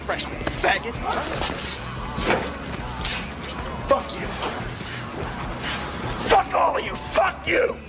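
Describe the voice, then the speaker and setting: A cruel, cursing high school senior jeers at younger kids. His voice sits high and leaps up and down. Loud film music plays beneath him. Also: sing-song, takes it slowly, heavily acted. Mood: furious. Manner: taunting, profane, explosive. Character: foul-mouthed bullying male high school senior.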